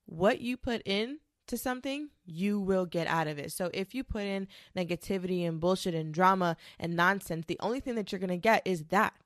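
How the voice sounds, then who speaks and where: A woman's voice: lowish voice, a little fast, few pauses, no echo, clean studio sound. Sassy young woman rambling on her podcast. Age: 20s. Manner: rambling, profane, sassy, with many fillers. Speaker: podcast host. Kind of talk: casual solo podcast monologue.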